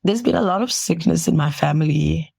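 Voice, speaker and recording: The guest is a young medical doctor from South Africa, recorded at home, who reflects warmly on her journey, laughing a lot and quoting others animatedly. She talks briskly in a low-pitched, gravelly voice with a breathy edge, captured dry.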